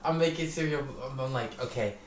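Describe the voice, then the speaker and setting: On a podcast, a young man with a brisk, mid-range voice casually swaps old stories, laughing often and speaking in slangy, profane language. The room is echoey, with faint noise.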